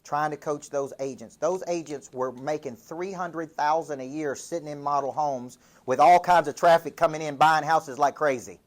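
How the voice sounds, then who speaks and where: Slightly high in pitch, he talks at normal speed with few pauses. The speaker is a Southern man from Tennessee coaching on business motivationally, leaning on punchy stories and one rhetorical question after another.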